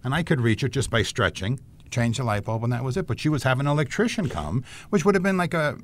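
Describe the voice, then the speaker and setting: A man's voice: medium pitch, lively intonation, fast. A man co-hosting a talk show, telling stories in a chatty, self-deprecating way. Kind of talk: casual talk show storytelling.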